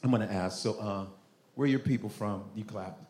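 A man doing stand-up crowd work, teasing the audience with loud bursts and acted-out parent voices. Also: lowish voice, fairly quick. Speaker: stand-up comedian. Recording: echoey room.

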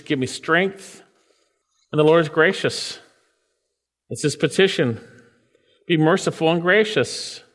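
A man preaching an expository sermon in an earnest way, rising for emphasis and dropping low again. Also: a bit bright. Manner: earnest, swells up for emphasis then drops low. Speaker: pastor. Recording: long hall reverb.

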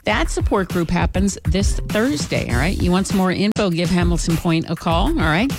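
A radio co-host reading the weather and a contest promo in a brisk, upbeat announcer style. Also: medium pitch, very animated. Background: music bed.

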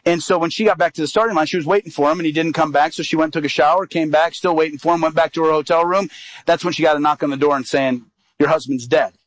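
A man's voice: a little high, steady tone, fast talker, poor audio. A man in his thirties, an evangelist, preaching through a personal story and acting out the quoted dialogue. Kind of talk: sermon storytelling.

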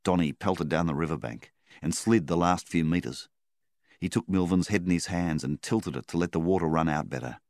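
A man with a very deep voice narrates a story at a calm, measured pace. The recording is close and dry, with no room sound. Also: no echo. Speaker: story reader. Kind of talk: audiobook narration.

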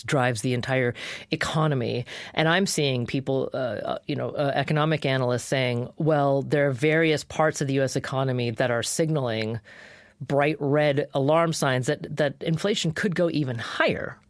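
Woman radio host, chatty and quick to jump in, dry close studio mic. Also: sits low, dry recording. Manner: conversational, interrupts to steer. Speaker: radio talk show host. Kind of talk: hosting a radio interview.

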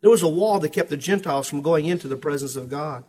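A pastor preaching a sermon, swinging between hushed, earnest passages and ringing, emphatic calls. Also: male voice, a little high, fast, slightly rough.

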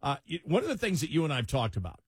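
A man's voice: a little high, wildly swooping pitch, very fast, slightly rough, no room sound, clean studio sound. A man with a Buffalo accent hosting a talk radio show in casual chat.

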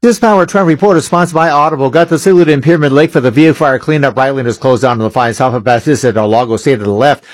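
A man giving a radio traffic report in a brisk, clipped, scripted way. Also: medium pitch, no room sound.

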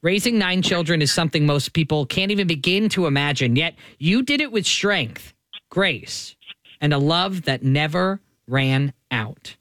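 A man hosting a radio show, reading a heartfelt letter aloud in a slow, earnest way from the studio. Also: a little high, lively intonation, fairly bright tone, dry recording. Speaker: radio host.

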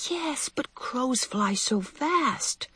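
A woman's voice: sits high, expressive, drawn-out words, breathy edge, no room sound, pitched above the performer's own voice, full character voice. A woman voicing a timid young girl mouse, frightened and near tears, in a storybook reading. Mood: scared. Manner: frightened, tearful, soft.

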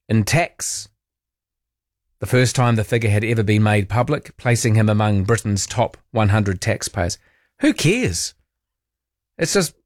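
Chatty, sarcastic New radio host. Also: male voice, on the low side, no room sound, studio quality. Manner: chatty and opinionated, sarcastic asides. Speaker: radio talk show host. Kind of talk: late-night talkback radio. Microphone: close studio mic.

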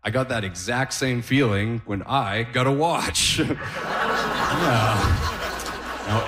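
A man's voice: medium pitch, slow pace, loud music behind the voice. Give me a man in his thirties rambling through a stand-up set, chuckling at himself, in a roomy room. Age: 30s. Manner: rambling, self-deprecating, chuckles at his own jokes. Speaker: stand-up comedian.

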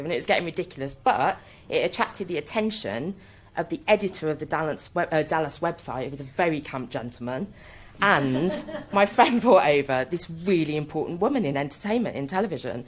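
Woman, anecdote, lowish voice, animated, excitable. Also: fairly quick, a little hiss or hum. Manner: animated, excitable, self-mocking. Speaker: storyteller. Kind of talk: comic personal anecdote.

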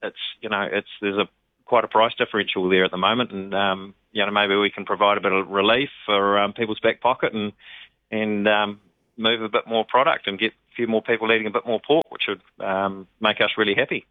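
A man's voice: on the low side, fairly even intonation, fairly quick, no echo. A man with a New Zealand accent, a pork industry representative talking casually on the phone in a rambling way with many ums. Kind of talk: radio phone interview. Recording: tinny phone line.

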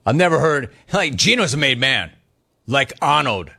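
A man hosting a sports talk radio show, animated and emphatic, swinging between loud and soft. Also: mid-range voice, normal speed, vocal fry, slightly rough.

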